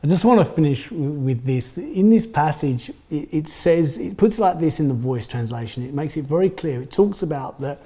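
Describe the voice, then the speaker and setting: A man preaching a relaxed, conversational sermon, often adding "you know" as he talks. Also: on the high side, moderate pace, hardly any pauses, breathy edge. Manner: chatty, frequent "you know" fillers. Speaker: pastor.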